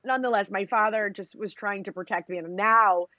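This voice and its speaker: A woman's voice: mid-range voice, brisk, pushed and bright, dry recording. A woman in her thirties, a company founder, tells her story in a casual interview. She is long-winded, scatters "you know" and "like" through her talk, and acts out the lines she quotes. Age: 30s.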